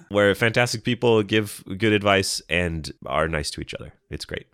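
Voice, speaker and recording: Male podcast co-host, very low voice, slightly sick, dry jokey delivery, dry close mic. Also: lively intonation, normal speed, a bit bright, clean tone, no echo. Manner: dry, joking delivery with frequent laughs. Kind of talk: casual chat.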